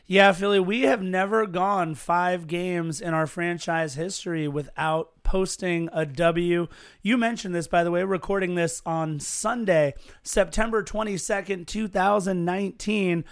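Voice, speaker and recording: A man's voice: sits high, fairly even intonation, measured pace. A man co-hosting a casual sports podcast, telling stories in a chatty, earnest way. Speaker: podcast co-host.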